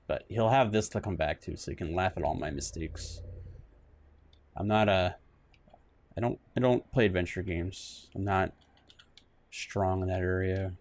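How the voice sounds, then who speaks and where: A man streaming a retro detective game, chatting casually with many restarts, reading bits aloud and joking at himself. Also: low voice. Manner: rambling, self-mocking, with restarts and sudden exclamations. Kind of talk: casual let's-play commentary.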